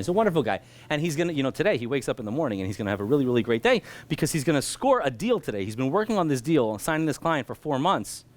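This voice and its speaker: A man, a rabbi teaching an adult class, telling a lively teaching story and acting out its people, jumping between loud bursts and hushed asides. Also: on the low side, slight background noise. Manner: animated, acts out voices and jumps between loud and hushed.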